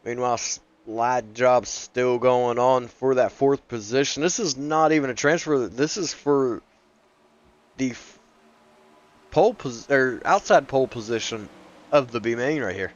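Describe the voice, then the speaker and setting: A man co-hosting a sim racing broadcast, easygoing and lifting with excitement on race action. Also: mid-range voice, a little slow, muffled recording. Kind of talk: race commentary.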